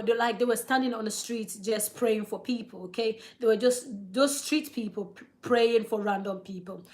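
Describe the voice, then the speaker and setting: Woman, thirties, slightly high voice, live storytime vlog, earnest, emotional, repeats words for emphasis. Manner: checks in with listeners. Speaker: vlogger.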